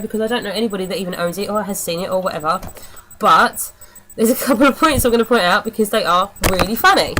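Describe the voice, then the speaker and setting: A woman's voice: mid-range voice, a bit bright, poor audio. A young woman giving a casual, mocking film review, blunt and rambling, swearing freely.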